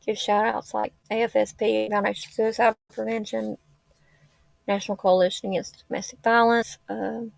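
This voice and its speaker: A woman's voice: mid-range voice, level tone, normal speed, creaky, no echo. A woman, rambling and heartfelt in a tearful casual livestream chat. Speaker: livestream host. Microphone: laptop or phone mic.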